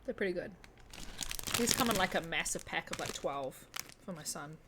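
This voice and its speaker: A woman's voice: on the low side, expressive, normal speed, heavy background noise. A woman streaming a game from home, chatting casually and joking, sometimes talking with her mouth full. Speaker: live streamer. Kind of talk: casual live-stream chat while gaming.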